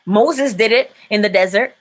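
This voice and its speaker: A woman hosting a live-stream inspirational talk, preaching in an animated way and laughing often. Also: medium pitch, moderate pace. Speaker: inspirational speaker and host.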